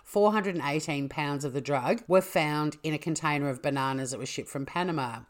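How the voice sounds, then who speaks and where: A woman's voice: low voice, fairly quick. A woman hosting a true-crime podcast, chatty and playful, correcting herself as she goes. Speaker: podcast host.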